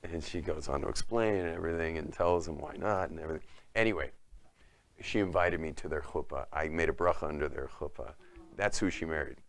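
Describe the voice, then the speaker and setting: A middle-aged man, a rabbi, giving a talk and acting out the people in his story with lively delivery. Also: rumbling low, fairly quick, creaky. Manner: animated storyteller who acts out quoted voices.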